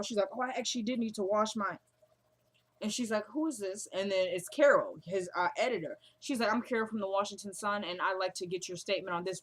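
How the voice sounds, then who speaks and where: A woman's voice: mid-range voice, a bit bright. A young woman casually recapping a TV drama episode, chatting and laughing, and she drops her voice to quote the characters' lines. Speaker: show recap vlogger.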